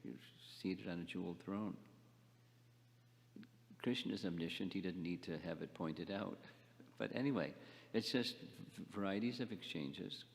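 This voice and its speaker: An older man giving a scripture class lecture, speaking haltingly, repeating words and asking the class questions. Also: sits low, gravelly, in a large hall. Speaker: spiritual teacher.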